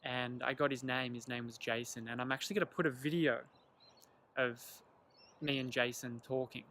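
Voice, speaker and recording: A young man telling a personal story to camera in an earnest, animated way, acting out the lines of the people in it. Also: mid-range voice, moderate pace, a little hiss or hum. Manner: earnest, animated retelling with quoted dialogue. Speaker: vlogger.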